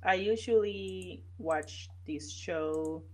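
Husky lower-voiced woman chatting. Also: extremely slow, poor audio. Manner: hesitant starts, frequent agreeing murmurs. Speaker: podcast co-host. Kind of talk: casual chat.

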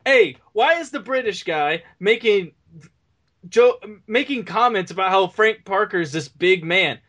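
A man's voice: high-pitched, animated, a little slow, bright, forceful tone. A man co-hosting a podcast, ranting about a bad movie in casual banter, swearing and laughing. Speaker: podcast co-host.

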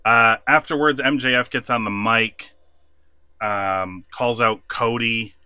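Bright-voiced man recapping wrestling. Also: mid-range voice, slow pace, clean tone, no echo, clean studio sound. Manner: animated storyteller, laughs often. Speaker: podcast co-host.

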